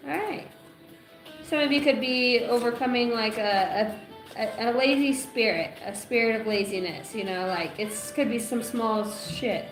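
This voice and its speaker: A high-pitched woman talks unhurriedly on a casual livestream, rambling from one thing to the next with crude, joking asides. Her voice rings around an echoey room, with faint music underneath. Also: a little slow. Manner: rambling and crude, breaks into laughter and song snippets. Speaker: tarot livestream host.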